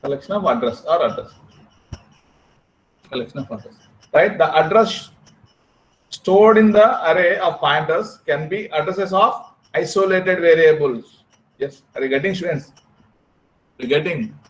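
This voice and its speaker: A man giving a classroom programming lecture, repeating phrases slowly and checking in with his students. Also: a little high, poor audio. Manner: repetitive, drawn-out, checks in with students.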